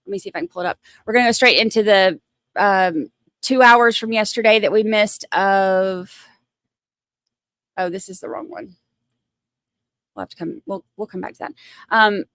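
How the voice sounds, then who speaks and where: A woman's voice: mid-range voice, a bit bright, clean tone, no room sound. A woman hosting a casual livestream, rambling and giggling at herself between topics. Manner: giggly, rambling, self-mocking. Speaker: livestream host.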